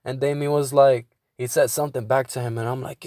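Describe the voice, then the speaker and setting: A man's voice: medium pitch, fairly even intonation, fairly quick, warm tone, dry recording, studio quality. A man hosting his own podcast, venting in a casual monologue with a lot of swearing and stumbling restarts. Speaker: podcast host.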